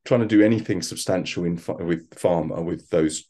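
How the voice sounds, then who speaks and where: A man speaking as an expert guest in a conversational interview, thoughtful and halting, with frequent restarts. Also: deep voice, mellow. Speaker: quantum computing expert guest.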